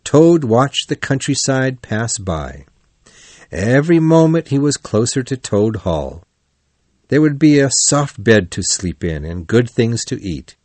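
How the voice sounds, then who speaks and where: A man reading a children's storybook aloud as narrator, in an even, clear storytelling delivery. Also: mid-range voice, a little slow, no room sound.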